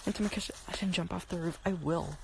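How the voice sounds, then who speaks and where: A young woman livestreaming from her yard at night, chatting casually with viewers, jumpy and swearing, often dropping to hushed whispers. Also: on the low side, fast, gravelly, slight background noise. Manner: jumpy, swearing, lots of "like" and "oh my god". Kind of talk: casual live stream chat. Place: outdoors at night around a house and yard.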